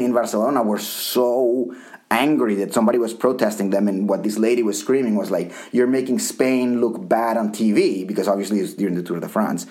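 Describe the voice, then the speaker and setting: Low-pitched guy from colombia on a podcast, rambly, keeps restarting, swears a lot. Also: warm tone. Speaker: podcast co-host. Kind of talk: casual chat.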